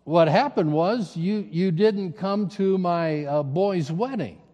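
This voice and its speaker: A man's voice: sits high, takes it slowly, warm tone, in a large hall. A man voicing a middle-aged woman from his congregation who holds a grudge, retold plainly with hesitant repeats in a sermon. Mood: aggrieved.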